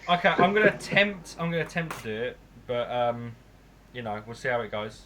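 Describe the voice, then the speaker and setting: A man's voice: medium pitch, big pitch swings, fairly quick, crowd noise. An English man hosting a casual podcast chat, joking and easygoing, his voice dropping at the ends of lines. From England. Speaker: podcast host.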